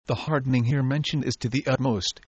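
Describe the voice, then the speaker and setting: A man reads old devotional prose in a measured, formal voice with solemn emphasis. His pitch sits in an ordinary middle range. The recording is dry and close, with a slightly dull, muffled tone. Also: steady tone, darkish tone, slightly rough, no room sound. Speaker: audiobook reader.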